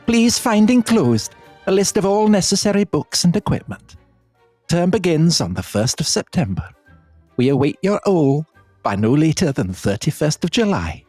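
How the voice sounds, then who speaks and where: A man's voice: on the high side, big pitch swings, moderate pace, darkish tone, no echo, faint music behind, voice pushed up. A man voicing a stern, formal older Scottish schoolmistress in a Scottish accent, reading a letter in a clipped, formal way. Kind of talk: podcast impression.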